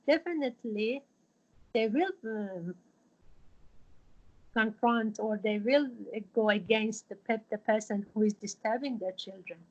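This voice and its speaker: A woman, teaching a religious studies class over a video call and explaining patiently in a halting way, full of fillers. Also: on the high side, a little mellow, lo-fi sound.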